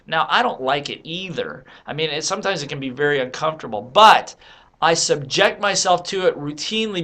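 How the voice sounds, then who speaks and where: A man's voice: fairly high pitch, sharp tone. A man giving an emphatic motivational talk to the camera, coaching listeners with rhetorical questions. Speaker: motivational speaker and author. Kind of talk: motivational monologue.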